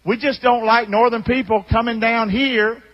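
A man preaching a sermon as a pastor, telling stories in an animated way that swings from loud to hushed. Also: very high-pitched, normal speed, dull audio. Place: church sanctuary. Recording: long hall reverb.

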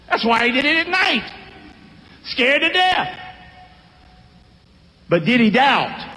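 A man preaching a sermon, animated and drawing responses from his congregation. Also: mid-range voice, measured pace, vocal fry, long pauses, slight background noise. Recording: long hall reverb.

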